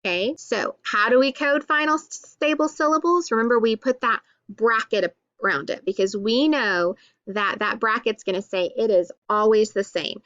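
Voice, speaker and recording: A woman's voice: on the high side, a bit bright, muffled recording. Patient woman teaching a phonics lesson. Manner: slow, patient, drawn-out sounding of letters and syllables; asks questions and answers them herself.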